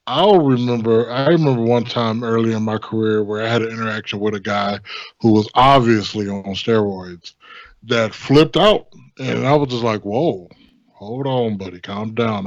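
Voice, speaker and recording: A man co-hosting a podcast who speaks in a reflective, measured way. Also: medium pitch, no echo, highs cut off. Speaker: podcast co-host, wrestler. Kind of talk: casual podcast chat.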